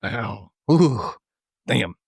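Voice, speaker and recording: A man co-hosting a podcast, chatting casually about an episode and getting excited as he recalls scenes. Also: very slow, vocal fry, breathy edge, dry recording, clean studio sound. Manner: excitable, jumps high in pitch when he gets worked up. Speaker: podcast co-host. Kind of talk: casual recap chat.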